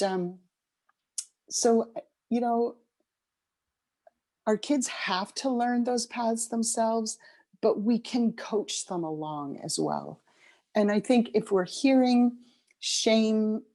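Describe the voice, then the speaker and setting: A middle-aged woman, an interview guest, telling a personal story in a reflective, unhurried way, with frequent ums and restarts. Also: medium pitch, mellow. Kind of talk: conversational storytelling.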